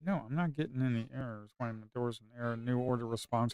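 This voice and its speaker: A man giving casual live commentary on a slow market as a day trader, grumbling and talking to his viewers as folks, with sudden excited outbursts. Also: mid-range voice, clear, resonant tone, dry recording.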